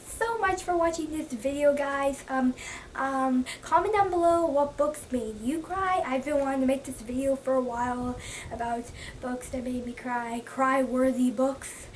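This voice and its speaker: A young woman chatting casually to camera as a book vlogger, gushing and repeating herself for emphasis. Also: high-pitched. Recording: mic at a distance, faint background noise.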